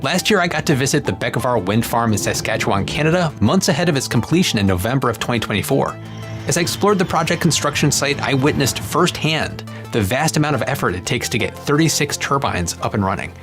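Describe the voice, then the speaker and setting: A man's voice: mid-range voice, fast, over music. A man giving polished scripted narration as a video host. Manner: polished, even delivery.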